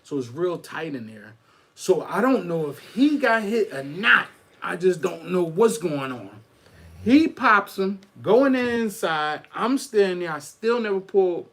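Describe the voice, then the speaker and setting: Animated man telling street stories. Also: sits high, unhurried. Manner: animated street-slang storytelling. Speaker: podcast host. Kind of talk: casual storytelling.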